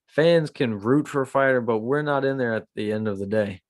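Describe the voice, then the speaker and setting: A man hosting a casual MMA podcast, chatty and animated, acting out what people say. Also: mid-range voice, fairly quick, no echo. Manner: chatty, animated, acts out quotes. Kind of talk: casual commentary on a live stream.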